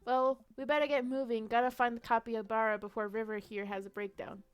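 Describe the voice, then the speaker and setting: With a fairly high, level, clean-toned voice, a young woman plays through a detective role-play on stream. She laughs easily, reads the story text aloud, and narrates her moves playfully while faint music runs underneath.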